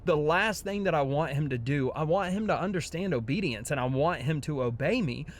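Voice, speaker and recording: Young guy vlogging about faith, earnest n heartfelt, voice a bit high, faint rumble behind. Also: lively intonation, fairly quick. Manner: earnest, heartfelt, with frequent restarts. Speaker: christian vlogger. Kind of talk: personal devotional talk.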